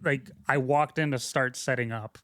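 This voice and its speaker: Speaking into a close microphone with a dry recording, a man who is a sound mixer appears as a podcast guest, casually telling stories. His medium-pitched, fairly bright voice holds a steady tone and moderate pace as he rambles, cuts himself off, and leans on "like" fillers.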